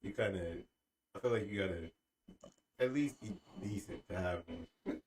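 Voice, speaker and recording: A man's voice: low-pitched, moderate pace, noisy background. A man co-hosting a casual podcast chat, chatty and hedging his opinions. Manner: chatty, hesitant restarts, hedging. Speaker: podcast co-host.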